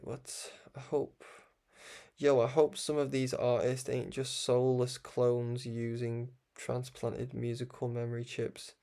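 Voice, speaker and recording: Gravelly Scouse man musing aloud. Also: mid-range voice, warm tone. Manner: rambling, restarts often, chuckles between thoughts. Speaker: broadcast host. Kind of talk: reflective spoken monologue.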